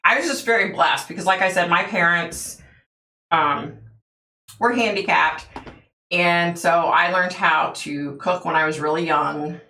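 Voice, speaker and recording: A woman's voice: fairly low pitch, measured pace, pushed and bright, roomy sound. A woman hosting a livestream, telling stories in a chatty way, laughing often and answering viewers' comments. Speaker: livestream host. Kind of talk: casual chat with viewers.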